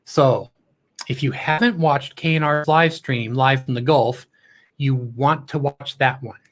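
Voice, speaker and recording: A man's voice: mid-range voice, fairly even intonation, measured pace, fairly bright tone. A middle-aged man hosting a casual live stream, chatty and upbeat, teasing his viewers.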